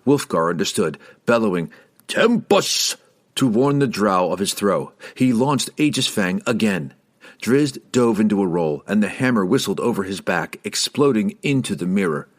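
A man's voice: lowish voice, animated, moderate pace. A man reading a fantasy novel aloud as scripted narration, dramatic and rising on tense moments. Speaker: audiobook narrator.

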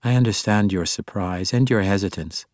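A man voicing a calm, firm young heroine. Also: fairly low pitch, normal speed, no room sound, studio quality, natural voice. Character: pregnant young woman, strong and guarded.

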